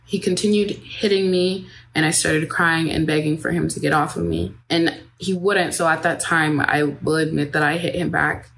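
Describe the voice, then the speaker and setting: A woman with a notably low voice reads a personal statement aloud in a measured, steady way. A faint hiss sits under the recording. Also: creaky. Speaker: narrator of a personal account. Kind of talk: read first-person statement.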